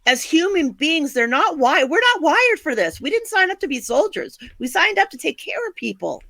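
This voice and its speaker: A woman's voice: high voice, sing-song, normal speed, fairly bright tone, no echo. An older American woman co-hosting a podcast, talking in a blunt, angry, emphatic way. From United States. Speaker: podcast co-host. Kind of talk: passionate opinion chat.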